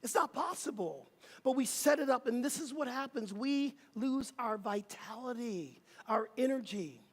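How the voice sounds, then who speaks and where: A minister delivers an emphatic, rhythmic sermon from a church sanctuary, leading the congregation in call and response. The voice sits at a middle pitch and carries a long, lingering reverb from the hall. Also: lively intonation, measured pace, breathy edge.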